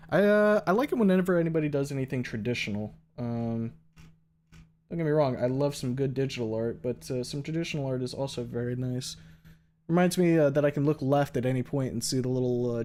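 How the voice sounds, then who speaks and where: A man's voice: mid-range voice, a little fast, a little mellow, slight background noise. Profane, rambling young male streamer. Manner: loose and profane, many fillers. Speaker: streamer host. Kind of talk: casual stream chat.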